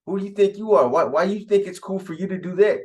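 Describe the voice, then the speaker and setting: A man's voice: high voice, animated, very fast, voice pushed up. A man voicing stern prison gang enforcers who scold a member with demanding questions.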